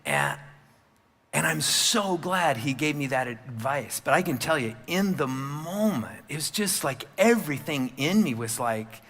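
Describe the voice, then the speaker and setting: A pastor delivers a sermon from the pulpit in a bright, forceful, slightly high voice, animated yet a little slow. He speaks candidly and conversationally with many fillers, his words trailing into a long reverb that fills the sanctuary.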